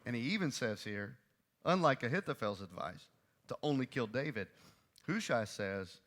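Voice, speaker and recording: A male preacher delivering an emphatic sermon, repeating key phrases and swinging between loud and soft. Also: mid-range voice, animated, normal speed.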